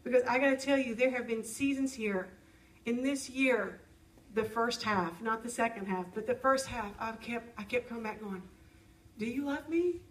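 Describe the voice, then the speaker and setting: A woman's voice: a little high, steady tone, normal speed, distant mic, rough recording. A woman preaching a sermon in an earnest, personal way, acting out her own prayers as she speaks.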